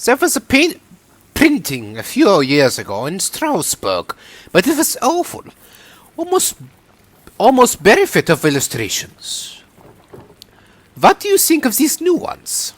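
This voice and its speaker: A man voicing a polite, thoughtful young male artist in a let's-play, with lively, slightly exaggerated delivery. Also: very high voice, measured pace, pauses often, no echo, voice pushed up, heavily acted. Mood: earnest.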